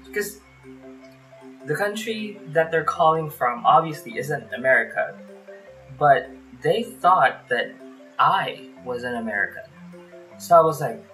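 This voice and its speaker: A man from the Philippines telling call center stories in a casual vlog, chatty and full of fillers, recorded in a small warm bedroom with a fan running. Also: on the high side, expressive, unhurried, long pauses, soft background music, low-quality recording. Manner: chatty, lots of "like" fillers, acts out phone calls. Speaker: vlogger.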